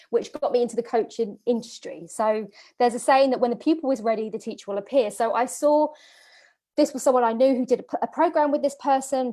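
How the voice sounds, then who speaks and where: A woman's voice: fairly high pitch, warm tone. A woman, telling a personal story to an audience as a business coach, emotional and full of fillers and repeats. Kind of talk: personal story in a masterclass talk.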